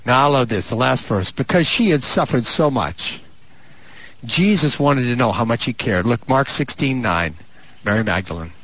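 A man preaching a sermon as pastor, building to fervent, drawn-out shouts and dropping into mock voices and asides. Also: mid-range voice, expressive, breathy edge. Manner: rising to fervent, stretched-out shouts. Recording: muffled lo-fi recording.

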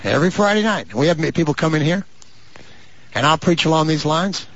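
A pastor preaching a sermon with a husky, rather high voice that swoops constantly. He climbs into drawn-out fervent shouts and drops into mock voices for his asides. The recording is muffled and lo-fi. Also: expressive. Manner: rising to fervent, stretched-out shouts.

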